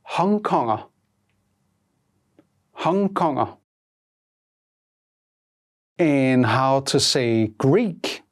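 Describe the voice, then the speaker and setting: In a scripted language lesson, a teacher with an animated, mid-range voice prompts steadily and says each answer twice.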